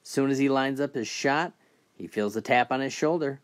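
A man telling a string of crude jokes in a steady, scripted narration voice. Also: mid-range voice, normal speed. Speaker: joke teller.

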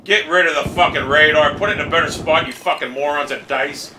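A gamer streaming his gameplay rants angrily, swearing constantly and complaining in exasperation. His voice is fairly high and brisk, picked up by a roomy, distant mic with loud game noise.

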